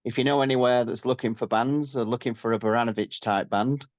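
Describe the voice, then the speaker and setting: Yorkshire bloke chatting loose and modest, mid pitch, dead dry sound. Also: male voice, a little fast, no echo, lo-fi sound. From Yorkshire, England. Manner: relaxed, rambling, modest. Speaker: rock band frontman, guest. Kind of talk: casual interview chat.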